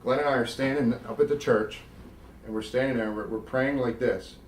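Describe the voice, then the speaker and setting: A middle-aged former wrestler from South Jersey, a guest in a storytelling interview, speaks at a medium pitch and a brisk pace. He's animated, swears freely, and acts out the vivid quoted dialogue in his stories. The recording is reverberant and far from the mic, with a little hiss or hum.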